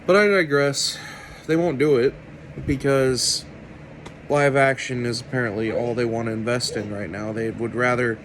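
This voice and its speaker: Slow, sarcastic man ranting to camera. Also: mid-range voice, a little hiss or hum, low-quality recording. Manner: sarcastic, deliberate and unhurried. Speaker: video commentator. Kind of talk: opinionated commentary rant.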